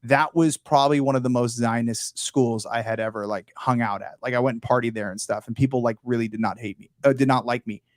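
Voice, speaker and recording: A young man of Palestinian heritage, a guest creator, talks in a casual panel chat, animated and profane. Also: mid-range voice, brisk, hardly any pauses, no echo, clean studio sound.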